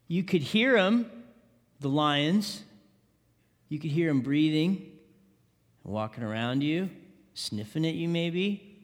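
A man's voice: on the high side, expressive, takes it slowly, pauses often. A male pastor preaching a sermon, often asking the congregation questions. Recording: long reverb of a large hall.

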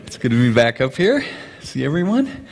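Lively man preaching in a big hall. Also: mid-range voice, moderate pace, slight background noise. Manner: animated, conversational, with restarts. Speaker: pastor. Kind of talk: sermon storytelling. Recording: long reverb of a large hall.

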